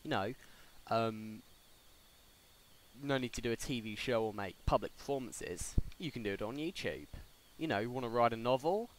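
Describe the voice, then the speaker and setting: A man's voice: mid-range voice, lively intonation, normal speed. A young man, talking casually on a solo podcast, rambling with lots of fillers and restarts. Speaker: podcast host. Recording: faint background noise.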